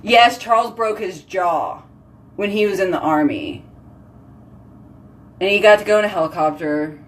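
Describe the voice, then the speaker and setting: A woman's voice: on the low side, recorded from a distance. Giggly, chatty woman vlogging off-mic. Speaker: vlog host answering viewer comments. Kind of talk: casual live chat. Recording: voice slightly off-mic.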